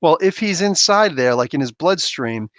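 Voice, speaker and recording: Animated man, dry close sound. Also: fairly high pitch, moderate pace, dry recording. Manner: animated, rambling, frequent asides and laughs. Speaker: podcast host. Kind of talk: casual chat answering viewer questions.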